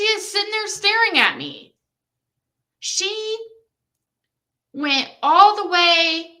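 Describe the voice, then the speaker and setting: Bright-voiced woman chatting on a livestream. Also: very high voice, slow pace, long pauses. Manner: chatty storytelling with animated, rising exclamations. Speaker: livestream host. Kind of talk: casual chat reading live comments.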